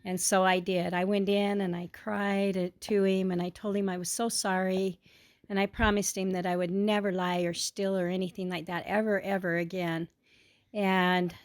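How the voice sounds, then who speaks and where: A woman telling a personal childhood story to her family in an earnest, heartfelt, unhurried way. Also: on the low side.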